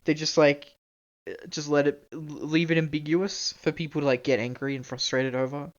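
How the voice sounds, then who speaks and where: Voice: mid-range voice, steady tone, moderate pace, lo-fi sound. A streamer chatting casually with viewers and laughing often while playing a visual novel.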